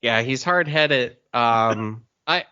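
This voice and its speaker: Man, easygoing podcast co-host, chuckles between remarks, bright tone, dull lo-fi sound. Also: medium pitch, slow pace, clear, resonant tone. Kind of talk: casual chat.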